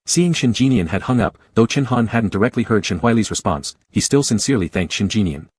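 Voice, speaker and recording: A man narrating a romance comic story in an even, measured way. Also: fairly low pitch, slightly rough, no room sound. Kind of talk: scripted audiobook narration.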